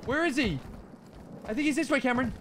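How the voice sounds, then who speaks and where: A man streaming a shooter game, giving loud, rapid callouts to his teammates and often shouting. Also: very high-pitched. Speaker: gaming streamer. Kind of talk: excited gameplay commentary. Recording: gameplay noise under voice. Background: game sounds and clicks.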